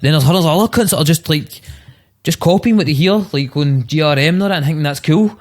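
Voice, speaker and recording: A man's voice: a little high, quick pace. A Scottish man, a rapper guest on a podcast, talking in blunt, sweary, heated casual chat. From Scotland.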